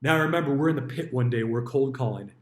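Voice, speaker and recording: A retired stockbroker with a mid-range voice talks fast in a casual monologue about his old job. He's blunt, swears freely and acts out quoted dialogue, while a roomy echo surrounds him.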